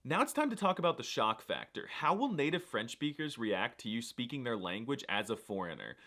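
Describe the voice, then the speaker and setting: A man's voice: medium pitch, sing-song, a little fast, fairly bright tone. A man reading scripted comedic narration for a language review, with sarcastic jokes and asides. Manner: dry jokey delivery with sarcastic asides.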